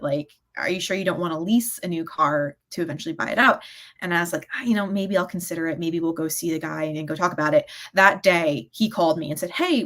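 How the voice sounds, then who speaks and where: A woman chatting casually as a guest, telling a personal story and acting out the quotes with growing excitement. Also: fairly low pitch. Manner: animated, acts out quotes with rising excitement.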